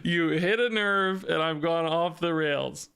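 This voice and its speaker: Streamer guy venting at chat, high bright voice, pitch bouncing all over. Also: unhurried, creaky, smooth. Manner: exasperated, animated, repeats himself, laughs often. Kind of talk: live-stream rant and card commentary.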